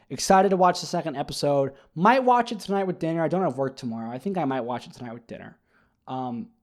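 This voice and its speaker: Rambling man recapping a show. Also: fairly high pitch. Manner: rambling, animated, many fillers and restarts. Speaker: podcast host. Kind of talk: casual solo recap chat.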